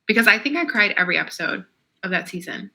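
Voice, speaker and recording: A woman co-hosting a casual chat podcast, talking in a relaxed, reflective way with many fillers. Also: mid-range voice, quick pace, vocal fry. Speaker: podcast co-host.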